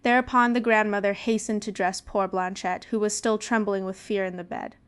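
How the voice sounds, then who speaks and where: Female storybook narrator; lively, with a smooth, resonant voice. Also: medium pitch, moderate pace. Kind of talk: storybook reading.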